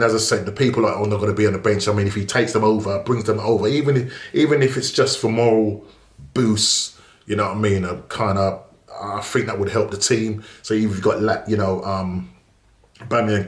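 A man talks through a football match preview in a loose, rambling monologue full of fillers. His voice sits on the low side. The room around him is echoey. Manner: chatty and rambling, many fillers and restarts. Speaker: football channel host.

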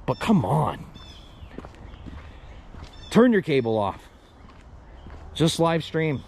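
A man's voice: on the high side, big pitch swings, drawn-out words, vocal fry, darkish tone, husky. Chatty joking man on a trail. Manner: joking, chatty, talks to viewers nonstop. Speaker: paranormal explorer vlogger. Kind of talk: rambling solo commentary. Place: outdoor wooded trail.

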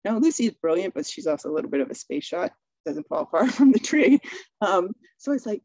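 A middle-aged woman from Maine gives a talk, telling stories casually and acting out dialogue. Her voice is mellow and warm. The sound is dry and a little dull. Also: mid-range voice, big pitch swings, fairly quick, no room sound. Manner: chatty storytelling, acting out dialogue. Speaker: speaker. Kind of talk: webinar talk.

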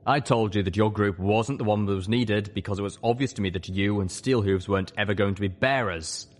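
A man voicing an ancient male dragon who explains things rapidly and earnestly. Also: fairly low pitch, lightly acted.

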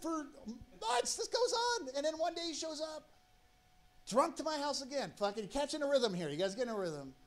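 A man's voice: very high-pitched, big pitch swings, moderate pace. A man telling a rambling, profane story on stage as a stand-up comedian.

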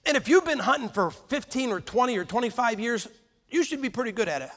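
A man's voice: very high voice, animated, fast talker, a bit bright. A man preaching a sermon, telling stories in a folksy way and putting questions to the congregation. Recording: long hall reverb.

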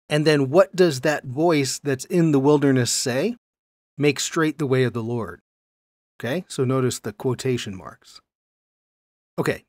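A man's voice: medium pitch, no room sound, studio quality. A man teaching a Bible lesson, explaining verses step by step and reading scripture aloud with emphasis. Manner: explanatory, stresses key words, reads verses aloud.

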